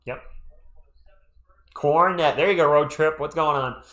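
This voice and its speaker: A man hosting a casual live play-by-play stream, calling plays and answering chat with an animated delivery while losing his voice. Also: on the high side. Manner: animated, quick play calls mixed with chat shout-outs.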